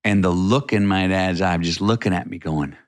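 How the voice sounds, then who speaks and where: A man's voice: low voice, normal speed. A middle-aged man from Texas, a podcast guest telling a personal story in a rambling, vivid way with many restarts.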